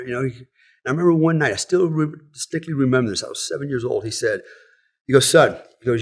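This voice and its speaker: Frank, profane middle-aged man telling a story. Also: medium pitch. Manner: frank and profane, many fillers like "you know" and "right?". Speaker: podcast guest, former special forces operator. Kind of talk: storytelling in casual conversation.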